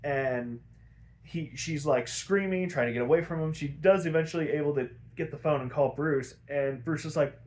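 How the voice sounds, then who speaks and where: A young man with a somewhat high-pitched voice recaps a cartoon episode in loose, rambling talk. He swears freely and jumps into quick impressions of the characters' lines, stopping now and then to fix details he left out. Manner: rambling, profane, animated retelling with acted quotes. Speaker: podcast host.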